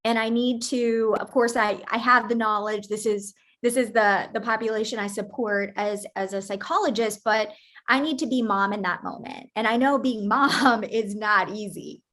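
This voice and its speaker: Earnest woman psychologist, higher voice. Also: normal speed, fairly bright tone. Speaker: psychologist and mother. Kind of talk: casual chat.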